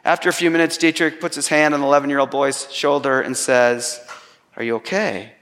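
Man, preacher, sermon storytelling, self-deprecating humor, slightly high pitch, long reverb. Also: fairly even intonation, fairly quick, fairly bright tone.

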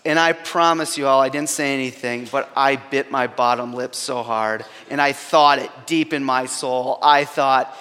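A man's voice: fairly high pitch, normal speed, hardly any pauses, sharp tone. A man preaching a sermon, telling a personal story with self-deprecating humor. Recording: long hall reverb.

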